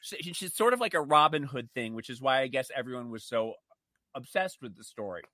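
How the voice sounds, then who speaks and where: Male co-host, casual chat, animated, emphatic, bright tone, dry close sound. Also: medium pitch, a little fast, dry recording.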